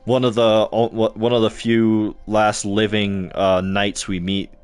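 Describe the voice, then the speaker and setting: A man's voice: on the low side, level tone, unhurried, clean tone, soft background music. A young man chatting casually to his live-stream audience while playing a game, stumbling over words as he talks.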